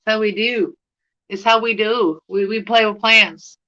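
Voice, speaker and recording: A middle-aged woman with a Canadian accent talks to her camera in a loose, rambling way and breaks into giggles. Her voice is bright and forward. The recording sounds dull and lo-fi. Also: medium pitch, fairly even intonation, unhurried. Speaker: plant vlogger. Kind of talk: casual chat to camera.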